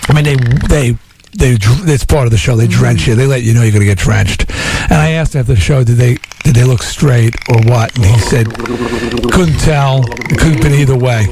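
A man's voice: mid-range voice, moderate pace, vocal fry, background noise. A middle-aged man from Long Island, a radio host telling stories in a rambling way, full of restarts. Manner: rambling storyteller with many restarts. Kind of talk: casual talk radio chat.

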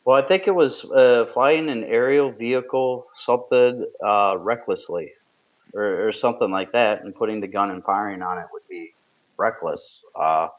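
A man's voice: fairly low pitch, moderate pace, highs cut off. Wry storytelling man, podcast co-host. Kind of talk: casual chat.

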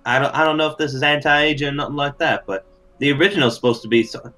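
A man's voice: on the high side, quick pace, bright, forceful tone, faint music behind. A man playing a tabletop game who banters playfully in character. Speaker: player. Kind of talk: tabletop role-play.

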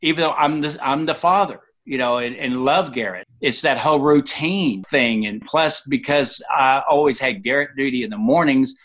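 A man's voice: mid-range voice, moderate pace, hardly any pauses, fairly bright tone. A man around sixty, an interview guest, telling personal stories conversationally and acting out quoted people with sudden jumps in his voice.

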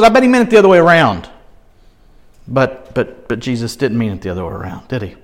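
A man preaching a sermon, expressive, asking rhetorical questions and swinging from quiet asides to emphatic peaks. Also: fast talker. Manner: expressive, rising to emphatic peaks and dropping low. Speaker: pastor.

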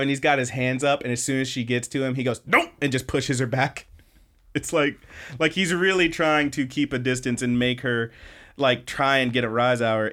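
A man's voice: mid-range voice, a bit bright. A man with an ordinary, mid-range voice talks through a story the way friends retell a show. He is loose and informal, with fillers and the odd curse, and slips briefly into the characters' lines as he goes. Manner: chatty storytelling, quoting characters in quick bits; loose, with frequent fillers and swearing. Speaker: podcast host. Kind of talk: casual anime episode recap.

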